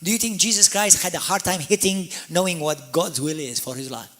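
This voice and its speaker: A man preaches a sermon in a somewhat high, bright and forceful voice. He moves between quiet, quick explanation and loud, drawn-out calls, scattering hallelujahs and amens throughout. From Malta. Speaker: pastor.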